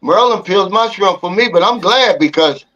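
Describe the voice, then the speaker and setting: A man's voice: high-pitched, lively intonation, moderate pace, bright, forceful tone, a little hiss or hum. Laid-back male panel host, lo-fi sound. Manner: laughs easily, colloquial, asks panelists by name. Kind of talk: casual panel chat.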